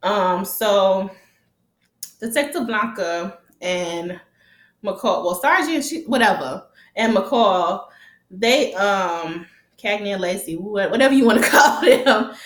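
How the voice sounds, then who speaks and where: A woman recapping a TV episode casually, animated and profane, and often breaking into laughter. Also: medium pitch, slow, roomy sound. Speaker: TV recap vlogger.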